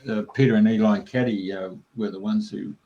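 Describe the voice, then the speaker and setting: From Australia, this male interview guest rambles through long, casual stories, chatty and packed with fillers like um and uh. He talks briskly in a fairly low, mellow voice with fairly even intonation, over dull audio with a little hiss or hum.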